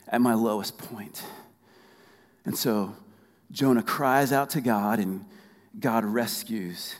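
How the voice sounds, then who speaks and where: A man's voice: on the low side, takes it slowly, pauses often, big-room sound. A man preaching a sermon, asking his listeners to finish his sentences and often repeating key phrases. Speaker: pastor.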